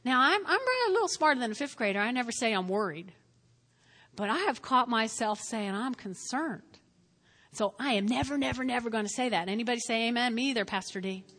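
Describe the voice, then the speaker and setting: High, bright-voiced woman preaching in a reverberant hall. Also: fast talker. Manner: animated, repeats words for emphasis, laughs often. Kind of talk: sermon.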